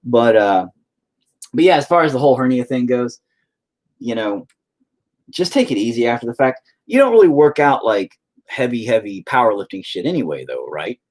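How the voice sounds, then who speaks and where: A man's voice: medium pitch, big pitch swings, normal speed, darkish tone. Rambling, swearing man chatting while painting. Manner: profane, rambling, self-deprecating. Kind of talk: casual chat with viewers while painting.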